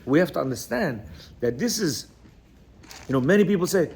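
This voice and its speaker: Slightly high and a little mellow, this man's voice is animated at a normal pace, with vocal fry and frequent pauses over a faint hiss or hum. As a religious teacher lecturing on marriage, he reads from a text and explains it emphatically and conversationally, full of "you know" asides.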